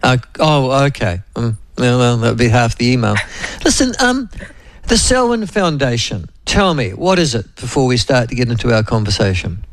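Creaky-voiced New Zealand radio host. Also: male voice, mid-range voice, very animated, moderate pace, dry recording. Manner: rambling, chatty, many fillers. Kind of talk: casual talk radio chat.

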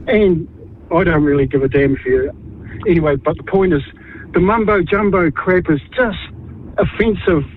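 A high-voiced New Zealand man in his fifties talks earnestly on a radio call-in, stumbling and restarting as he makes his case. The line is thin and phone-like, with faint noise behind. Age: 50s. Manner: earnest, halting, repeats words and restarts. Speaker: caller.

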